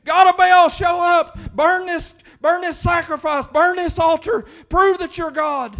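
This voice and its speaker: A man's voice: very high-pitched, steady tone, a little slow, fairly bright tone, pitched above the performer's own voice. A man voicing a crowd of frenzied male pagan prophets, screaming and pleading for fire. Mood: frantic.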